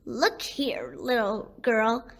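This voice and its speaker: A small male toad pleads for a home in a children's storybook, voiced by a woman. His voice sits high and bright, with a plaintive, insistent tone. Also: very slow, heavily acted.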